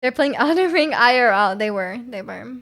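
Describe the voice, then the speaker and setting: A woman's voice: a little high, animated, normal speed, fairly bright tone. A young woman streaming live, chatting casually with her viewers in a rambling, giggly way.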